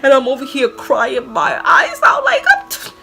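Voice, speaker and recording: A young woman telling a storytime vlog, animated and slangy, full of "like" fillers. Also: sits high, moderate pace, vocal fry, faint music behind. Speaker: vlogger.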